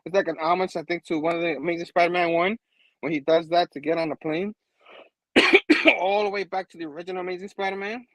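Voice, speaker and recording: High-voiced man excitedly recapping a comic. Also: quick pace, no room sound, rough recording. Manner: animated, laughs often, keeps asking "you know what I mean". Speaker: host. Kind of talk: casual comic book recap.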